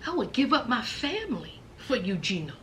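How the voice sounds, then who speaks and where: A woman voicing a furious jilted woman yelling accusations at her partner, with repetitive taunting. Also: sits high, very animated, quick pace, far from the mic, a little hiss or hum, voice pushed down. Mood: accusing.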